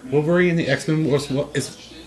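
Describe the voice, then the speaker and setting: Man chatting haltingly about old cartoons. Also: fairly high pitch, fairly even intonation. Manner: rambling, halting, with restarts. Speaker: co-host. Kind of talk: casual chat.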